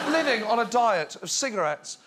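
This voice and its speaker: A man in his thirties, a comedian guest on a talk show, telling stories in an animated way and shouting out bits. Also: sits high, heavy background noise. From England. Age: 30s. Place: TV studio with live audience. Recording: studio with loud audience laughter.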